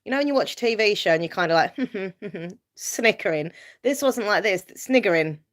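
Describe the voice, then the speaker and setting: With an expressive, mid-range voice at normal speed, a YouTuber chats her way through a live stream. She reads viewers' comments out loud, answers them, and rambles along with fillers and light laughs.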